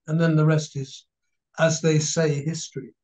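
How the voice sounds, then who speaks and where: An English man in his sixties, a guest actor telling animated stories and laughing through an interview. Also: on the high side, moderate pace. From England. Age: 60s. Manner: animated storyteller, laughing, mimicking others. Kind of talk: casual anecdotal interview. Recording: dull lo-fi recording.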